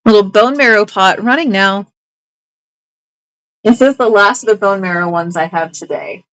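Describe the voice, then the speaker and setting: A woman's voice: mid-range voice, moderate pace, a bit bright, no room sound, poor audio. Chatty woman selling on a live auction stream. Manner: chatty and upbeat, with playful teasing asides. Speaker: live online auction seller. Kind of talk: casual live-sale patter.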